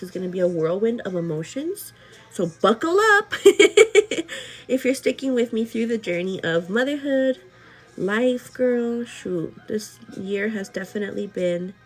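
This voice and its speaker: A woman vlogger chatting casually to her viewers during a live get-ready show. She laughs often, leans on "like", and calls the viewer "girl". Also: mid-range voice. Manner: laughs often while talking; speaks earnestly about faith and gratitude. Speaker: beauty and lifestyle vlogger.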